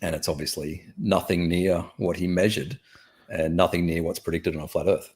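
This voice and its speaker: Aussie bloke with a really low voice, plainspoken, works through the numbers on a home call. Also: male voice, fairly even intonation, moderate pace. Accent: Australian. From Australia. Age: adult with a daughter. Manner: plainspoken, explains angles step by step with fillers. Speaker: guest on live online chat. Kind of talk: casual debate chat.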